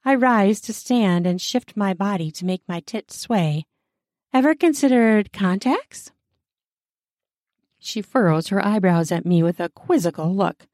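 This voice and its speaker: A woman's voice: mid-range voice, animated, measured pace, a little mellow, no echo, clean studio sound. A woman narrating a first-person adult romance audiobook in a playful, teasing way.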